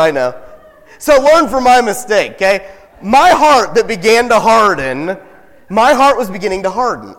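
A man's voice: high voice, fairly bright tone, long reverb tail. A man preaching a casual sermon in a church, with joking asides and laughter. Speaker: pastor. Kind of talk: conversational sermon. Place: church sanctuary.

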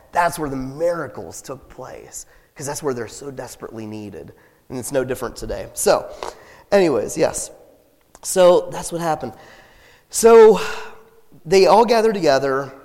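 In the sanctuary, a male pastor preaches casually, with jokes and laughs along the way. His voice is a little high, trailed by a long reverb.

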